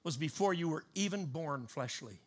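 A male preacher delivering a fervent sermon, swinging between loud bursts and hushed asides. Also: fairly high pitch, expressive, normal speed.

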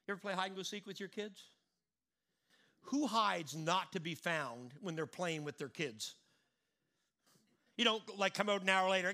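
Middle-aged male preacher, high bright voice, animated, repeats for emphasis. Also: moderate pace, long pauses. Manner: animated, repeats and stresses words. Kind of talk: sermon.

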